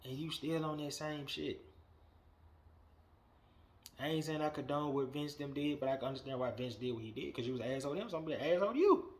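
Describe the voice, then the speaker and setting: With a medium pitch, a brisk pace and long pauses, a man rants on his wrestling podcast. The opinions come out blunt, profane and animated, moving from mumbles to loud outbursts.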